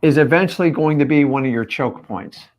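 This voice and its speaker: Male coach, fairly high voice, punchy emphatic live-stream delivery, lots of rhetorical questions. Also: a little fast. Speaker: real estate coach.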